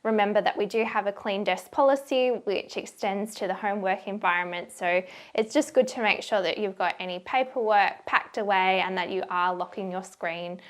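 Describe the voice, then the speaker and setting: A woman's voice: medium pitch, normal speed. A young woman presenting a workplace safety video in a friendly, chatty instructional way. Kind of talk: casual instructional talk.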